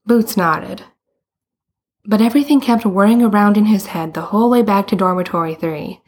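A woman narrating a story in a calm, steady storytelling manner. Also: medium pitch, moderate pace. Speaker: audiobook reader.

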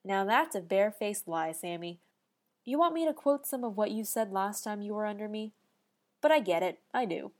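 A woman voicing a brash, wisecracking young male monster hunter in a storybook reading, gruff and swaggering. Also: mid-range voice, animated, normal speed, close to an everyday voice. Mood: teasing.

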